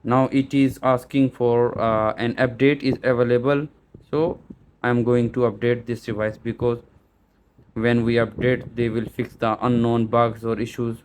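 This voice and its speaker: A man's voice: medium pitch, little pitch movement, measured pace, a little mellow, a little hiss or hum. A man walking viewers through setting up a camera step by step, hesitant with many fillers and restarts. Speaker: tech tutorial presenter. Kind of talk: step-by-step setup walkthrough. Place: small store.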